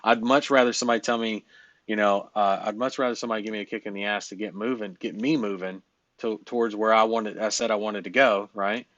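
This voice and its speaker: A man's voice: on the low side, fairly even intonation, fast, fairly bright tone, no echo, highs cut off. A man coaching in a casual, rambling way, blunt and full of fillers and cursing. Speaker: business coach.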